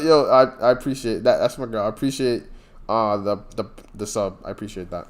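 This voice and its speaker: A man co-hosting a casual gaming podcast, animated and quick to laugh, sometimes losing his train of thought. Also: fairly low pitch. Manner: animated, laughs often, trails off mid-thought. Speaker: podcast co-host.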